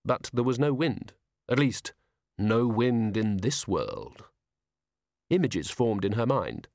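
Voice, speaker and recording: A man reading a novel aloud as an audiobook narrator, measured and wry. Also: medium pitch, big pitch swings, gravelly, darkish tone, no room sound, clean studio sound. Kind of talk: scripted narration.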